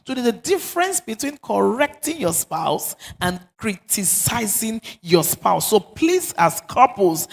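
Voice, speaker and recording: A Nigerian woman pastor preaches with emphasis, repeating her points. Her voice sits fairly high but carries a gravelly, husky edge. It rings out with the long reverb of a church hall. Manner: emphatic, repeats phrases for stress. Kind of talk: sermon on marriage.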